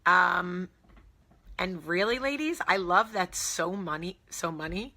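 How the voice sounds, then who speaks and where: A woman's voice: on the low side, slow pace, bright, forceful tone. A woman with a New Jersey accent hosting a casual live chat, candid and jokey with blunt, salty asides. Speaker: host.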